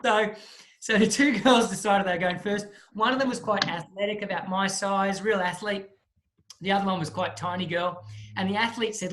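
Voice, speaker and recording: A man, a guest speaker telling a lively story in a talk and acting out the people in it. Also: high-pitched, moderate pace. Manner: lively storyteller who acts out the voices of the people in his story.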